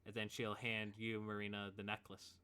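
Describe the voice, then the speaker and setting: A man game master narrating a tabletop session in a loose, rambling way, dropping quick "boom" and "wabam" interjections. His voice sits fairly low with a bright, forward tone. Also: completely flat delivery, clean tone. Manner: casual, rambling, sound-effect interjections.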